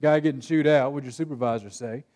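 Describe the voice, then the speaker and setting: In a conference room, a young man from Texas runs a breakout session as the workshop speaker, talking fast in a medium-pitched, slightly mellow voice. His style is casual storytelling, with laughs and sentences he stops partway through.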